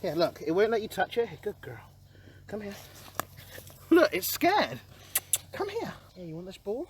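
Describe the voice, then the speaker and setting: A young man chats excitably through an outdoor vlog, calling out to his viewers as boys. His pitch jumps around a lot, from low mutters to loud yells. A faint hiss sits under his voice from the camera mic. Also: normal speed, long pauses. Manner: excitable, keeps addressing viewers as boys, swings from mumbling to yelling. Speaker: streamer. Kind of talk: casual vlog narration. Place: outdoor garden.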